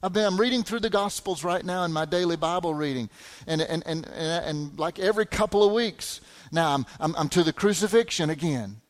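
A middle-aged man preaching a sermon, animated, full of rhetorical questions and repeated words. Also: fairly high pitch, a little fast. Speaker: pastor.

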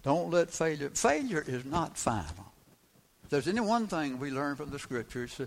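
A man's voice: on the high side, very animated, normal speed, vocal fry. A man preaching a sermon, emphatic, repeating key phrases and asking the congregation rhetorical questions.

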